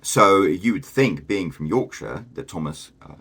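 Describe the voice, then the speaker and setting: A man's voice: deep voice, expressive, a little slow, a bit bright. A man, explaining things casually to camera as a vlogger, thinking aloud with fillers and restarts. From England.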